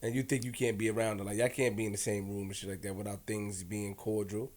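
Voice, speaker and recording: A man's voice: on the low side, flat delivery, quick pace, darkish tone. A man co-hosting a casual podcast interview, asking questions in a teasing, joking way. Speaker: podcast co-host.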